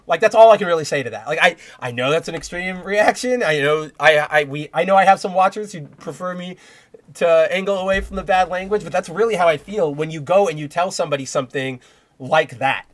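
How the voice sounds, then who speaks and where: A man's voice: on the high side, normal speed. A young man hosting a podcast, talking in rambling casual commentary with many restarts and heated bursts of profanity. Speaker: podcast host.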